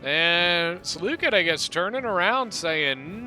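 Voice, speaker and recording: A man giving relaxed, rambling play-by-play commentary on a strategy game battle, often correcting himself mid-sentence. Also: high voice, takes it slowly, few pauses, faint music behind. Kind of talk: casual gameplay commentary.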